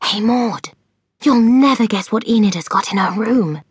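A woman's voice: a little high, expressive, normal speed, slightly rough, dry recording, studio quality, voice pushed up. A woman voicing an earnest, worried young schoolgirl witch who keeps warning her friend. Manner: anxious, warning.

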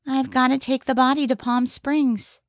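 A woman narrator voicing a gentle, grieving woman of about sixty who speaks softly and pleadingly. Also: high voice, flat delivery, moderate pace, no room sound, studio quality, close to an everyday voice. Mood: matter-of-fact. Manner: soft and pleading. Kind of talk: audiobook character reading.

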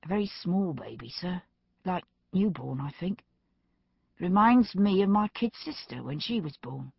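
A woman's voice: lowish voice, animated, a little slow, vocal fry, slightly rough, no echo, lo-fi sound, heavily acted. A woman doing a breathless young constable. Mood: flustered. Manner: flustered, breathless, stammering. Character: young breathless male police constable, timid.

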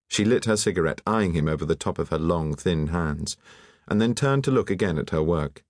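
A man narrating an audiobook in a measured, even storytelling manner. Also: low voice, no echo, clean studio sound. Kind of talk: scripted narration.

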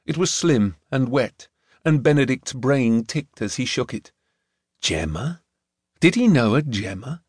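Reading from a novel, a man speaks at medium pitch with measured expressiveness. It's an audiobook recording, dry and clean like a studio take.

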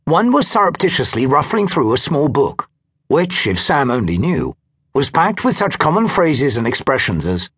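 A man narrating a science fiction audiobook with a dry storytelling manner. His voice is husky and sits a touch high. It moves through a lively pitch range. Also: normal speed.

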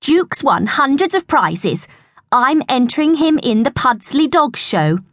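A snooty schoolboy brags and sneers in a high, bouncy voice, as a woman narrator puts him on. He is a boastful show-off, every line looking down his nose, in a dry, close storybook recording. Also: sing-song, slow pace, dry recording, full character voice.

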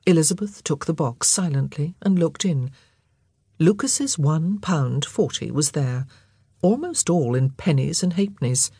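A woman narrator reading a novel in a measured, storytelling voice. Her tone is low and mellow with a husky grain, recorded close in a dry booth. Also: expressive, no echo. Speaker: audiobook narrator. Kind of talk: scripted narration.

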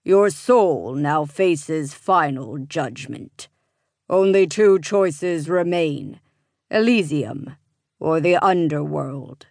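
A woman voicing a stern male judge of the dead in an audiobook, speaking in a slow, commanding way. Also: sits low, animated, darkish tone, no room sound, studio quality, full character voice.

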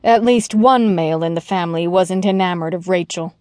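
A woman's voice: on the low side, a little fast, a little mellow, no echo. A woman narrating a first-person mystery audiobook with wry, dry humor, on a close studio mic.

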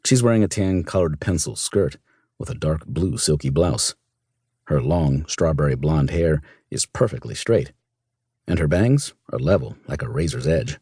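A man narrating a first-person audiobook in a smooth, measured storytelling manner. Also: rumbling low, animated, mellow, dry recording, clean studio sound.

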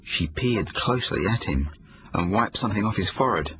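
A man reading his own children's book aloud, expressive storytelling. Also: lowish voice, fairly quick, highs cut off, a little hiss or hum. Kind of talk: audiobook narration for children.

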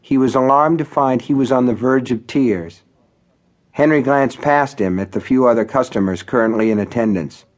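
A man's voice: mid-range voice, moderate pace. A man reading his own novel as an audiobook, narrating in a wry, conversational storytelling manner.

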